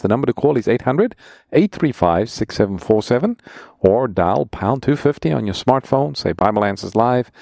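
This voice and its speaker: A man's voice: lowish voice, mellow, dry recording, clean studio sound. A man co-hosting a call-in radio Bible show as pastor, introducing callers and reading out offers in an announcer-like way.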